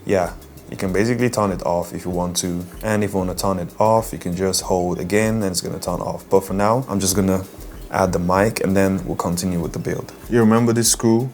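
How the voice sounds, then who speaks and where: In a casual product review vlog, a man chattily and self-deprecatingly reviews a budget microphone, addressing viewers from an indoor home setup. His low voice is brisk, a little mellow, with fairly even intonation, recorded on a close-range USB condenser mic.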